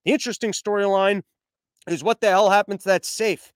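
Young male podcast host, sarcastic and mocking, clear higher voice, dry close-mic sound. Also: fairly even intonation, brisk, dry recording. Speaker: news commentary host. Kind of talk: sarcastic news commentary with ad reads.

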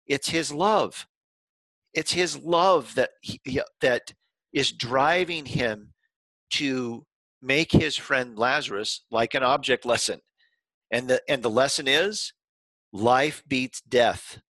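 A man delivers a sermon with a bright, forward voice, recorded dry and close with no room sound. He retells scripture in a casual, conversational way, sometimes restarting phrases and slowing down to stress his main points. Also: medium pitch, no room sound, poor audio. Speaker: pastor.

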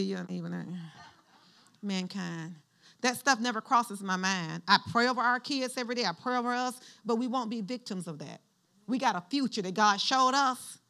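A woman's voice: fairly high pitch, moderate pace, creaky, sharp tone. A woman pastor preaching a sermon in church, using call-and-response and having the congregation finish her lines.

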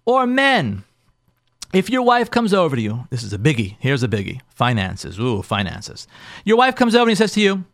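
A man who hosts an advice show as a rabbi talks in a fairly high voice that swings widely in pitch. He makes each point emphatically, repeating himself and acting out what spouses say. The sound is dry, with no room echo. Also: huge pitch swings, brisk, gravelly. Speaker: rabbi and show host giving marriage advice. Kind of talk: advice talk to listeners.

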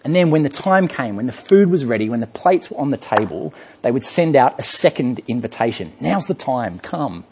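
A man preaching a sermon in a church, telling a story with lively rhetorical questions. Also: medium pitch, fairly quick, slight background noise. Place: church hall.

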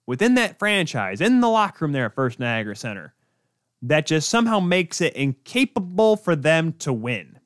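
A man's voice: mid-range voice, a bit bright, dry recording, clean studio sound. Ranting young male podcast host. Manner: ranting, exasperated, rhetorical questions. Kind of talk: solo sports podcast rant.

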